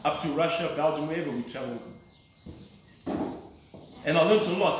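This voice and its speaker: A man's voice: fairly high pitch, expressive, brisk, long pauses, far from the mic, slight background noise. Earnest man preaching in echoey hall. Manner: earnest, emphatic storytelling. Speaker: lay preacher giving testimony. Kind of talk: personal testimony from the pulpit.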